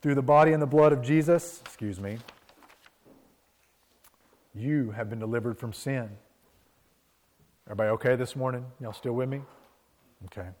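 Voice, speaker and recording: A man preaching a sermon as a pastor, telling a story in a lively, conversational way and checking in with the congregation. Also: medium pitch, normal speed, long pauses. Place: church sanctuary. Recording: long hall reverb.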